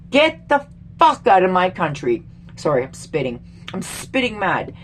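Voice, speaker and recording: With slight background noise behind her mid-range voice, a middle-aged vlogger from Canada delivers a furious political rant straight to camera. She's exasperated and swears heavily throughout.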